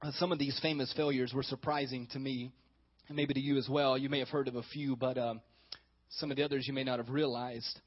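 A man's voice: medium pitch, level tone, a little fast, dull audio. A male pastor preaching a sermon, joking and talking with the congregation.

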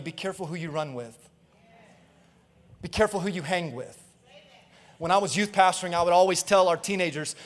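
High-voiced preaching pastor in a hall. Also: male voice. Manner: emphatic preaching with call-and-response asides. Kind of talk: sermon. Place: church auditorium.

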